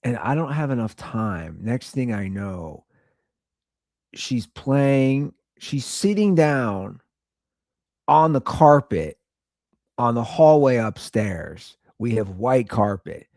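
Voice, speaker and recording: A man in his thirties tells a rambling, exasperated story as a show host. His pitch swoops up and down as he talks. The sound is dry and close. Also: big pitch swings, slow, darkish tone, no room sound. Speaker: podcast host; father of two young girls. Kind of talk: casual storytelling monologue.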